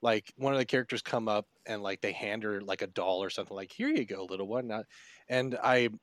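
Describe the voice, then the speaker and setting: A man in casual chat, telling a story about his own game mistake in a relaxed, rambling, self-mocking way. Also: on the low side, fairly quick, dry recording. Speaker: tabletop game master, podcast panelist.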